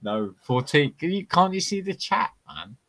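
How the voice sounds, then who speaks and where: A man's voice: on the high side, sing-song, moderate pace, a bit bright, no echo. A man hosting a casual livestream Q&A, laid-back and sweary, laughing often and calling people mate over a video call. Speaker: host.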